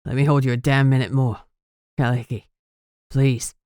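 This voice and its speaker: Woman doing a rough-voiced protective lover. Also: extremely low pitch, steady tone, moderate pace, mellow, no echo, clean studio sound, voice pushed down. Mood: pleading. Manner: urgent, soothing.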